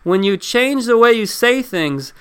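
A man with a high, smooth, resonant voice gives a casual motivational talk. He speaks in a loose, conversational way, asks his listeners questions and repeats key words to hammer his points home. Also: lively intonation, unhurried, a bit bright. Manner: addresses listeners directly with questions. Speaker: self-help speaker.

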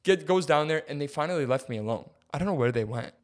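A young man co-hosting a podcast, telling a story in a casual, animated way and filling his talk with "like" and "dude". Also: a little high, fast talker. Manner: animated, filler-heavy, says "like" and "dude" constantly. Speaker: podcast co-host.

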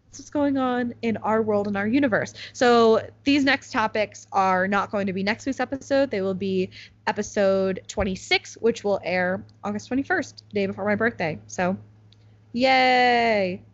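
A woman's voice: medium pitch, normal speed. A young woman from the United States hosting a podcast in casual chat, with lots of "like" fillers. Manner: chatty, full of "like" fillers. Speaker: podcast host. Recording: slightly muffled podcast recording.

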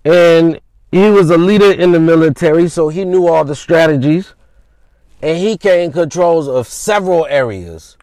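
A man's voice: fairly high pitch, normal speed, a little mellow, no echo. A man hosting a podcast, telling history in a casual, slangy, conversational way. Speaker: podcast host. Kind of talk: informal history storytelling.

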